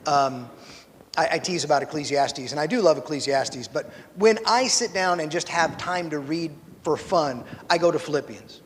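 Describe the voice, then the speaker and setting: A man's voice: a little high, normal speed, big-room sound, slight background noise. A man from rural Missouri teaching a Bible class in a church, telling personal stories with self-deprecating asides and building to preachy emphasis. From rural Missouri, USA.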